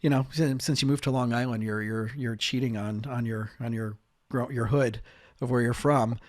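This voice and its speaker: A man's voice: medium pitch, steady tone, normal speed, no echo, clean studio sound. A man hosting a podcast as a marriage and family therapist, chatting casually with lots of fillers and restarts.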